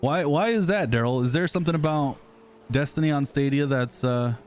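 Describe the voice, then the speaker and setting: A man's voice: fairly high pitch, brisk, slight background noise. A man in his thirties with an American accent, chatting casually with viewers on a live stream, rambling and self-deprecating. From United States. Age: 30s. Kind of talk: casual live-stream chat reading comments.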